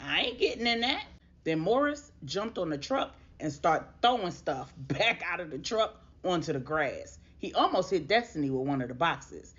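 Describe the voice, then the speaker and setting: A woman's voice: deep voice, moderate pace, few pauses, husky, highs cut off. A woman narrating a grown-up bedtime story in a casual, conversational way, talking straight to her listeners. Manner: conversational, lively, addressing listeners.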